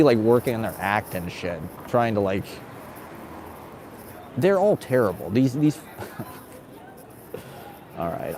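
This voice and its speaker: A man's voice: fairly low pitch, dark tone, a little hiss or hum. A man, a stand-up comedian, ranting in a casual monologue, agitated and profane, laughing between his complaints.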